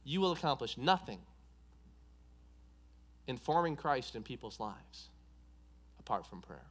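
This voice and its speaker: A man's voice: mid-range voice, big pitch swings, unhurried. A man preaching a sermon, driving points home with an emphatic, repetitive cadence.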